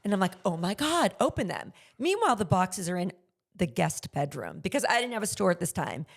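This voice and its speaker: A middle-aged woman, a podcast guest who owns a luxury consignment store, telling candid, animated stories and acting out the voices she quotes. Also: lowish voice, quick pace, vocal fry. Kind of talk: conversational interview storytelling.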